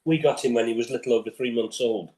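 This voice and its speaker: A man, a dog owner asking for help in a webinar question session, halting and hesitant as he explains. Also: mid-range voice, dark tone. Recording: echoey, off-mic.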